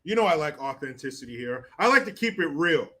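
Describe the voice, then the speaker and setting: Bright-voiced mocking male streamer. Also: on the high side, sing-song, fairly quick. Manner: crude, mocking, laughs often. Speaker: streamer host. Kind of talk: casual political commentary.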